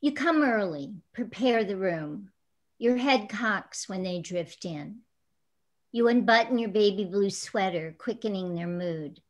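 A woman reading her own poem aloud in a measured, deliberate way. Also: mid-range voice, animated. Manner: slow, measured, deliberate delivery. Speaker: poet. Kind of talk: poetry reading.

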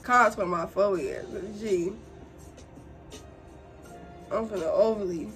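A young beauty vlogger tells a casual story while doing her makeup, animated and full of slang, acting out quotes in a higher voice. Slow, soft music plays in the background.

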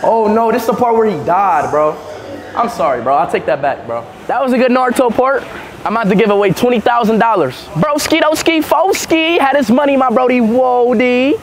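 A young American man with a sore throat, vlogging casually on city streets and talking in loud, excitable bursts. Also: very high voice, fairly quick. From United States. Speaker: livestreamer vlogger. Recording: noisy street background.

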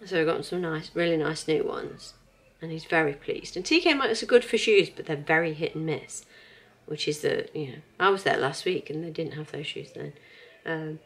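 A vlogger from England, a talkative woman in her thirties, chats in a relaxed, meandering way from home. She has a slightly low voice and laughs readily as she moves between ideas.

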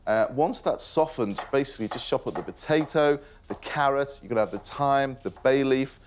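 A man's voice: mid-range voice, normal speed, a little hiss or hum. A man hosting a cooking show, talking casually and enthusiastically as he demonstrates a recipe in a kitchen. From Merseyside, England. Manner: casual and enthusiastic, praising the food.

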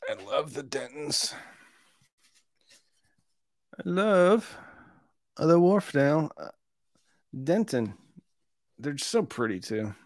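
A man's voice: a little high, big pitch swings, slow pace, pauses often, no echo, studio quality. A man hosting an audio gear live stream, chatting casually in a rambling, easygoing, self-deprecating way. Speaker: audio channel host.

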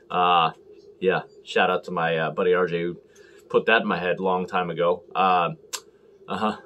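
A man's voice: deep voice, level tone, moderate pace, pushed and bright, slight background noise. A man hosting a casual beer review vlog, rambling and joking with frequent restarts. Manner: rambling, jokey, fumbles and restarts often. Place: Los Angeles area.

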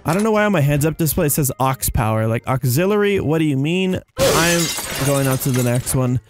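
A young man talks through a sandbox game in a loose, rambling way, tired yet quick to get excited. His voice sits fairly high and jumps around a lot. Faint music plays under him. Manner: excitable, rambling, says "dude" and "you guys". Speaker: gaming YouTuber. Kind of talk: casual gameplay commentary.

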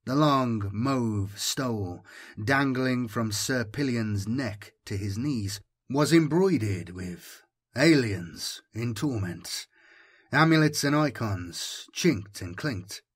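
A man narrating a science-fiction audiobook in a steady, even storytelling manner. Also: mid-range voice, slow pace, husky.

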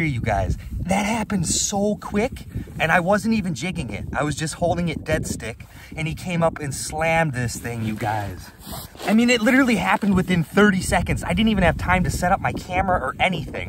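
Excitable man fishing outdoors. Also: a little high, moderate pace. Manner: excitable, exclaims often, talks to viewers. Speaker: fishing vlogger. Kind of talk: excited outdoor vlog narration. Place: outdoors on a frozen lake. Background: wind and outdoor ambience.

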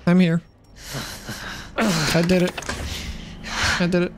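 A man playing a horror game with a friend, loud and excitable, swearing and often shouting. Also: high-pitched, takes it slowly. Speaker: gaming streamer. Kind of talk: casual co-op gaming commentary. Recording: noisy gameplay audio behind.

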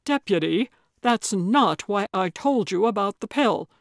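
Brief: earnest principled man, voiced by a woman narrator, slow and sincere, dry close recording. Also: lowish voice, lively intonation, no echo. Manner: earnest and pleading.

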